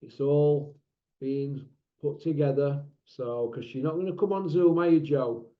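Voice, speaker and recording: Northern English man, high-pitched, combative rant, echoey room, dull muffled sound. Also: measured pace. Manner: blunt, mocking, combative. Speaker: channel host. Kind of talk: ranting monologue to camera.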